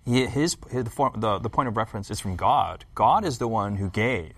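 Man, lowish voice, thoughtful rambling discussion style, dry sound. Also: expressive, brisk, breathy edge, dry recording. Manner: reflective, many restarts and tag questions. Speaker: Bible study co-host. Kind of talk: casual group discussion.

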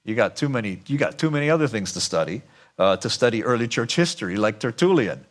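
A man's voice: mid-range voice, big pitch swings, fast talker. A man giving a sermon-style lecture, emphatic and asking his audience rhetorical questions. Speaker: speaker.

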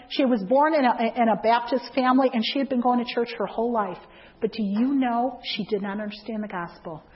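A high-voiced woman preaches to a congregation and tells a story from her own life. She keeps asking the listeners questions and acts out each part of the dialogue. The recording is dull and lo-fi. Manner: asks the audience questions to keep them involved. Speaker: church speaker. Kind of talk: sermon with a personal testimony.

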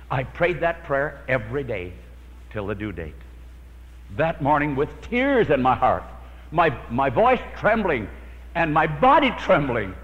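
A man's voice: on the high side, very animated, unhurried, fairly bright tone. A man preaching a sermon, telling a personal prayer story with dramatic storytelling and acting out his own prayers. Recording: lo-fi hall recording with long reverb.

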